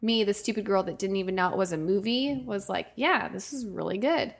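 A young woman in casual chat, telling a story with lively acted-out voices. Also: medium pitch, fairly quick, vocal fry. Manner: animated storyteller who acts out voices in her anecdotes.

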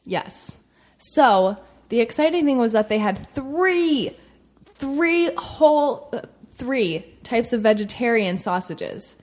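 A woman's voice: a little high, animated, takes it slowly, a little mellow. Chatty woman telling stories. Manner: chatty storyteller, lots of "like". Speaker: podcast co-host. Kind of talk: casual chat.

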